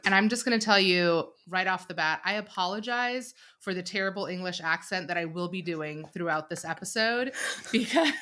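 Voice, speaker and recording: Thirties woman, podcast co-host, bright forward tone, playful casual chat. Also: fairly low pitch. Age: 30s. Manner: playful, laughs often, addresses listeners as y'all.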